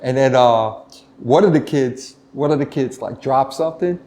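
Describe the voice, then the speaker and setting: A middle-aged man, a retired police lieutenant telling stories in an interview, animated and full of restarts. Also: medium pitch, normal speed. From United States. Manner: animated storytelling, many restarts, acts out quoted voices. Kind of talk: casual interview talk.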